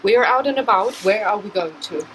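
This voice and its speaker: A woman's voice: medium pitch, lively intonation, fairly quick, a bit bright, slight background noise, poor audio. A woman vlogging in a casual, chatty way at an outdoor flea market, talking to the camera she holds and laughing easily. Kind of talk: casual chat.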